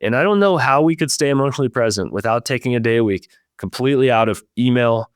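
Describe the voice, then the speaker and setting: A man's voice: mid-range voice, expressive, fast talker, clean tone, dry recording, studio quality. A man hosting a leadership podcast, talking in an earnest, reflective way and speaking straight to his listeners. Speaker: podcast host.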